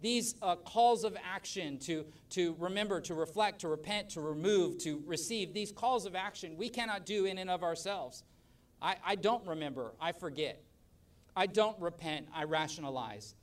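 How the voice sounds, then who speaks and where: A man preaching a sermon as pastor at a church service, emphatic, swelling loud and dropping soft. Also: a little high, far from the mic.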